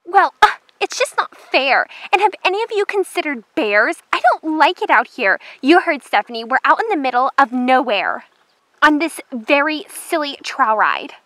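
A woman's voice: high-pitched, sing-song, moderate pace, pushed and bright, no echo, exaggerated voice, poor audio. A woman voicing a vain, haughty gray mare who calls herself a queen, in a toy horse drama. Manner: snooty, dramatic, complaining.

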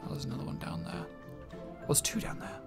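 A man's voice: a little fast, loud music behind the voice. A man casually commenting on a game as he plays, rambling with fillers and restarts. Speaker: streamer. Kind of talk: let's-play commentary.

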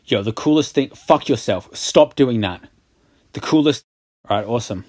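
A man's voice: medium pitch, lively intonation, normal speed, a little mellow, soft background music. Sarcastic, swearing young man gaming. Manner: sarcastic, exasperated, swears a lot at the game. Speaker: gaming YouTuber. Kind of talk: casual gameplay commentary.

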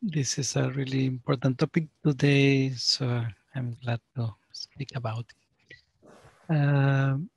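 A man speaking as a sociologist guest, giving a deliberate, lecture-like explanation of his ideas. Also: medium pitch, level tone, creaky, slightly rough, no echo. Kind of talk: academic explanation.

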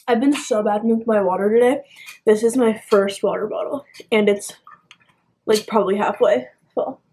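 A woman's voice: mid-range voice, moderate pace, warm tone, husky. A young woman talking casually to camera in a home vlog, filling her talk with "like" and "um". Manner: chatty, lots of "like" and "um". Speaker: vlogger. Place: at home, bedroom.

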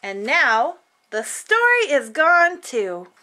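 A woman whose voice sits high reads slowly from a picture book to children. She tells the story playfully and expressively.

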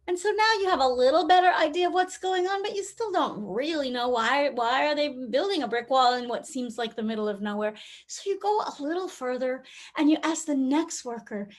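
A middle-aged woman gives a keynote talk at a virtual conference, recorded remotely. Her high-pitched, expressive voice moves a little fast as she warmly tells a story and acts out the voices of its characters.

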